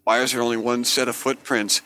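A man's voice: medium pitch, flat delivery, fairly quick, sharp tone. A man co-hosting a casual comedic chat, rambling through jokes and acting out little bits. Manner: rambling joke-teller, acts out bits. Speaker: podcast co-host.

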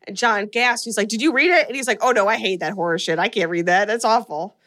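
A woman's voice: medium pitch, lively intonation, brisk, hardly any pauses, a bit bright. A woman hosting a podcast, recapping a horror movie in casual chat and laughing often as she retells scenes. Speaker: podcast host.

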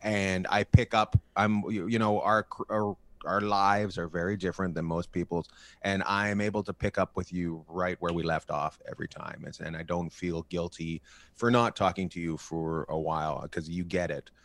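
A man guest on a podcast, telling road stories in a casual, animated way and acting out quotes loudly. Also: deep voice, normal speed, dry recording. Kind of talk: casual storytelling.

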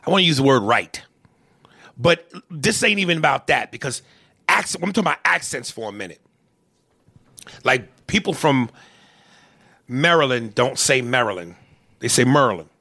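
Animated gravelly New host. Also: male voice, fairly high pitch, normal speed, pauses often, dry recording, studio quality. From New York. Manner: animated, mimics accents, repeats words. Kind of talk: casual comedic podcast chat.

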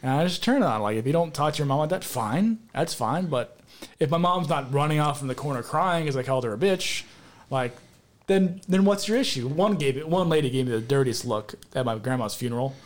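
A man with a fairly high voice telling blunt, profane family stories. He talks in a casual podcast chat, swearing freely and without apology. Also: expressive, fairly quick.

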